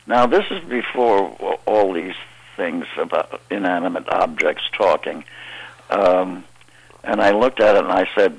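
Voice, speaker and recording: Older man, very low voice, gravelly and husky, rambling interview anecdotes with many pauses. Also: rough recording. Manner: halting, meandering anecdotes. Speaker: actor guest. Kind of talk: interview storytelling.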